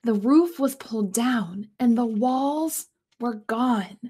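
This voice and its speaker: Slow, lively storytime reader woman. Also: a little high, slightly rough. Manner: asks young listeners questions about the pictures. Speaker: school staff reader. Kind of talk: children's storytime read-aloud.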